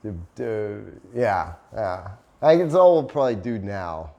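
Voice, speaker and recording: Telling a laid-back story for his vlog, a man living in Cambodia laughs a lot, curses freely and acts out others' voices. He has a lowish, sing-song, unhurried voice with a darkish tone, and the audio sounds dull.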